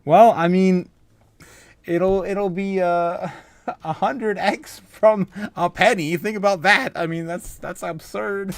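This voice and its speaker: A man hosting a casual crypto livestream, reading viewer comments aloud, excitable and laughing often. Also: sits high, slow pace, very noisy.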